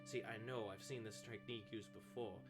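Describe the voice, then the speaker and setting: A man voicing a cheesy, hardboiled male noir detective, narrating slowly and brooding over jazz music. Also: lowish voice, fairly even intonation, close to an everyday voice. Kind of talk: streamer improvising a noir monologue.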